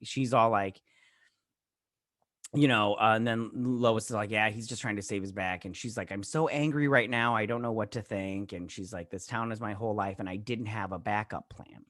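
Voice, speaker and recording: A man's voice: on the low side, steady tone, moderate pace, a bit bright, no echo, clean studio sound. A man hosting a show, casually recapping and reviewing a TV episode in a rambling way, padded with fillers and quoted character lines. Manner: rambling, filler-heavy retelling full of "he's all like" quotes; briefly acts out characters' lines in quoted bits. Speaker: show host.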